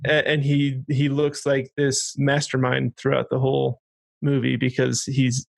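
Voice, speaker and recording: A man in his thirties co-hosting a casual podcast, excitedly retelling film scenes. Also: medium pitch, unhurried, vocal fry, no echo. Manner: animated, quotes film lines in put-on voices. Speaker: podcast co-host. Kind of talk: casual chat.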